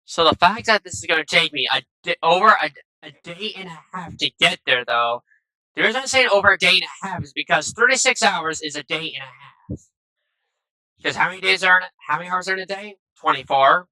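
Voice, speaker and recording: A man's voice: high-pitched, lively intonation, brisk, sharp tone, no room sound, low-quality recording. A man giving casual, rambling gameplay commentary into a headset, tacking "though" and "and stuff" onto nearly every phrase. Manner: chatty, rambling asides to viewers. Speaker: gaming video creator. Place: at home, recording at a PC. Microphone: gaming headset.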